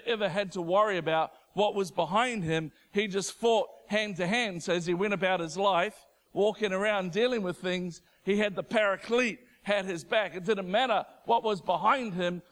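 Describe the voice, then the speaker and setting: A male preacher losing his voice, delivering an impassioned sermon that builds to shouting. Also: high voice.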